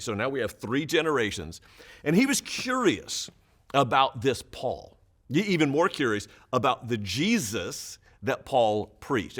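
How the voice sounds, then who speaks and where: Male pastor, animated Bible teacher, pitch leaping up and down, emphatic with chuckles. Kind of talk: Bible teaching for small groups.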